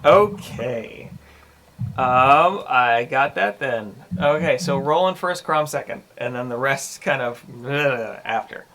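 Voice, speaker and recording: A man running a tabletop game as game master, narrating slowly with frequent ums and pauses. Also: mid-range voice, lively intonation, sharp tone, a little hiss or hum. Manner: measured, deliberate narration with many ums.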